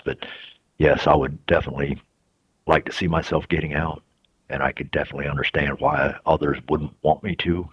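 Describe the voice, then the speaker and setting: A man giving reflective interview answers in a halting, soft-spoken way with many restarts. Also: a bass voice, breathy edge, no room sound. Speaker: incarcerated interviewee. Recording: dull lo-fi recording.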